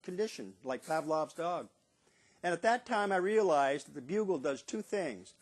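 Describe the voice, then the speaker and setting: A man's voice: a little high, moderate pace. A man in his seventies telling stories in a casual monologue about his years as a stadium bugler, acting out what people said in a raised voice. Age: 70s. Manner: animated storyteller who acts out quotes in a raised voice.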